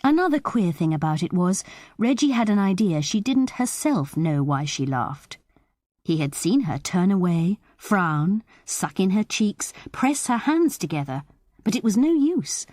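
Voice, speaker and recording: A woman narrating an audiobook of a short story in a measured, expressive way. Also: medium pitch, no echo, studio quality.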